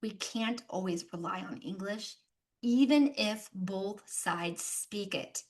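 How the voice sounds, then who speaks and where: A young American woman giving an animated business presentation, mixing practical points with playful travel stories. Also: medium pitch, slow. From United States. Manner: lively, animated storytelling with playful asides. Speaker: speaker at a business session. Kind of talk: presentation talk.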